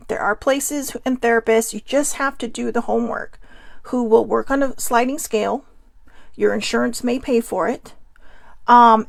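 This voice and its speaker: Gravelly-voiced woman, candid self-help talk. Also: a little high, no echo. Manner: candid, rambling, self-deprecating. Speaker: host.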